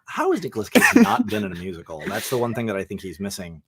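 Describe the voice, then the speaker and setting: A man's voice: medium pitch, wildly swooping pitch, fast, vocal fry, crowd noise. A young man talks movies with friends, eager and rambling, his delivery full of fillers. He sounds like a podcast host who gets carried away with his opinions. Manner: enthusiastic, rambling, lots of fillers. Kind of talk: casual movie review chat.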